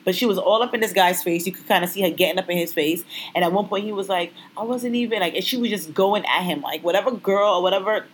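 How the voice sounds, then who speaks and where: A woman of Caribbean descent telling stories in an animated, naturally loud way as a podcast co-host. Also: lowish voice, quick pace, few pauses. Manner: animated storytelling, self-described naturally loud. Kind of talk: casual chat.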